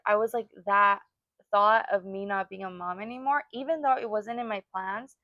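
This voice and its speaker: A woman's voice: mid-range voice, moderate pace, fairly bright tone, no room sound, dull audio. A young woman co-hosting a casual chat, telling a personal story with feeling and lots of fillers. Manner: emotional storytelling, many fillers. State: pregnant or new mother. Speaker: podcast co-host.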